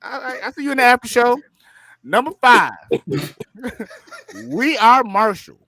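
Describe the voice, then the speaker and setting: A man's voice: very high voice, sing-song, unhurried, sharp tone, dry recording. A man appearing as a guest on a podcast, chatting casually and joking as he counts down his list on a new microphone.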